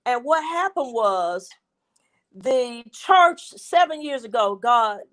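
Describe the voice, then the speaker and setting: A man's voice: extremely high pitch, lively intonation, slow, a bit bright. A pastor from Georgia, telling his story earnestly with some restarts. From Georgia, USA.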